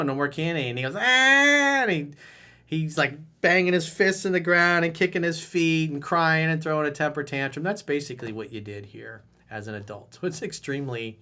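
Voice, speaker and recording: Blunt, animated middle-aged male dating coach. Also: fairly quick. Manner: blunt and animated, acting out quoted outbursts in loud high voices. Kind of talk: video newsletter advice monologue.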